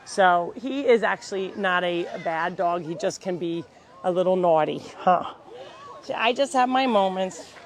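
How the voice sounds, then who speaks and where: A woman with a lowish, animated voice speaks a little slowly over a noisy background, recorded on a handheld mic. She runs an animal sanctuary and chats casually during a live outdoor tour of the farm, cooing baby-talk at the animals.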